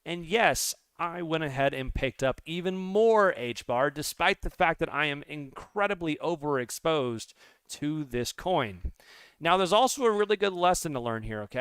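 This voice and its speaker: A man who trades crypto, going over charts live in an excitable, rambling way and talking straight to his viewers. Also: fairly high pitch, moderate pace, clear, resonant tone, no echo. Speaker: crypto trader and channel host.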